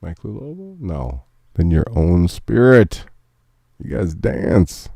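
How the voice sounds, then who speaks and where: A man's voice: low-pitched, very animated, takes it slowly, creaky, dark tone, no echo, clean studio sound. A man hosting a casual morning show, reading memes aloud and talking about his faith in an earnest, emotional way. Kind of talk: casual live-stream chat reading memes.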